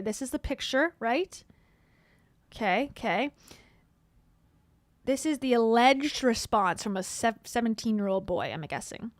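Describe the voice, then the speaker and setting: A woman's voice: on the high side, no echo. A woman hosting a casual commentary, talking wryly and sarcastically about video clips. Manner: sarcastic, wry asides. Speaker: commentary host.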